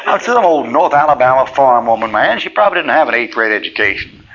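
A man's voice: on the high side, lively intonation, fast talker, hardly any pauses, pushed and bright. A middle-aged male preacher, telling church stories in a folksy, plainspoken way with frequent chuckles. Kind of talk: folksy sermon storytelling. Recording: dull lo-fi tape with faint hiss.

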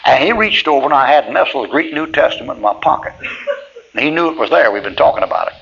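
Folksy preacher on old tape. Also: male voice, medium pitch, expressive, fast, creaky, a bit bright. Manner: folksy, chuckling, plainspoken. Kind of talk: folksy sermon storytelling. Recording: dull lo-fi tape with faint hiss.

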